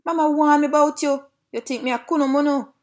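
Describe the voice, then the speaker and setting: A woman's voice: high voice, steady tone, fast talker, pitched above the performer's own voice, close to an everyday voice. A woman doing a sassy Jamaican little pig. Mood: defiant. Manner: sassy, defiant Jamaican patois. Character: clever cheeky little male piggy.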